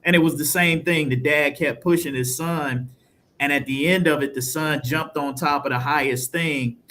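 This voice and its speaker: Animated man making his case. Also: fairly high pitch, normal speed. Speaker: co-host. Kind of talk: casual debate.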